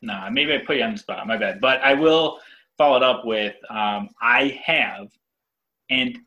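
A man, a father and podcast co-host, chatting casually and rambling, acting out yelled quotes. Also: medium pitch, a little slow, muffled recording. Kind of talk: casual family chat.

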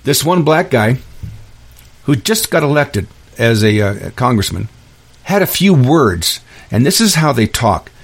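A man's voice: mid-range voice, big pitch swings, measured pace, breathy edge. A man hosting a podcast, delivering an emphatic, ranting monologue with frequent restarts. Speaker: podcast host. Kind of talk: opinion monologue.

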